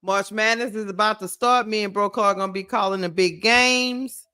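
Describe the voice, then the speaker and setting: A woman co-hosting a casual sports livestream with a bright, forceful voice. She is upbeat and encouraging, laughing often as she chats with viewers. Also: medium pitch, normal speed, smooth. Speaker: podcast co-host.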